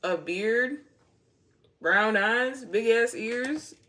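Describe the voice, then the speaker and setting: A woman's voice: on the high side, expressive, drawn-out words, bright, forceful tone. A woman giving a casual tarot reading to camera, playful and blunt, swearing freely and laughing often. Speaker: tarot reader.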